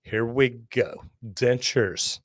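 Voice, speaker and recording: Speaking very slowly at medium pitch, a man hosts a live plumbing Q&A, trading lively folksy stories and jokes between comments from viewers. The recording is close and dry, with no room sound around him.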